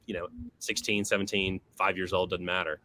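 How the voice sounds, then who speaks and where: A man with a bright, forceful voice shares personal stories on a podcast. He speaks earnestly and reflectively, swearing casually as he goes. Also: sits low, little pitch movement, fairly quick. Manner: earnest, profane, reflective storytelling. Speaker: podcast guest.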